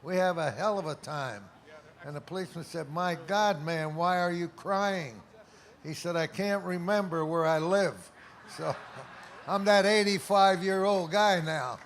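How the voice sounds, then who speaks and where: A man's voice: high voice, measured pace. A man in his eighties, accepting an award and telling jokes in a wry storyteller's manner. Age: 80s. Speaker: award honoree.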